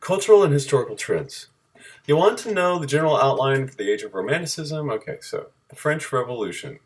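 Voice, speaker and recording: A man reading a timeline of dates from his notes, halting and correcting himself as he goes. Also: mid-range voice, lively intonation, slightly rough. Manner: halting, self-correcting, reads dates aloud.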